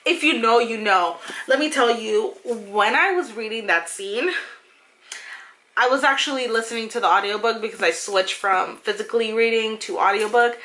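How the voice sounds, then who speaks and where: A woman's voice: fairly high pitch, moderate pace, a bit bright. A young woman reviewing her favorite books in a casual vlog, gushing and emotional as she talks straight to her viewers, with many fillers and sudden bursts of speed. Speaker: book reviewer.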